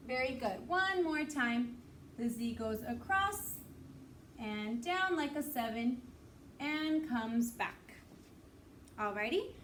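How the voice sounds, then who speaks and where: A woman teaching a phonics lesson to young children, speaking slowly and clearly with encouraging praise. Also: a little high, a bit bright, distant mic, slight background noise.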